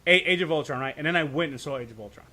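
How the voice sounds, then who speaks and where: A man in a casual podcast chat, his voice sitting a little on the high side. He rambles and swears freely, often tossing in "right?" and tripping over his own restarts. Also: rapid-fire, sharp tone. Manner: profane, rambling rant with frequent "right?" and stammered restarts. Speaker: podcast co-host.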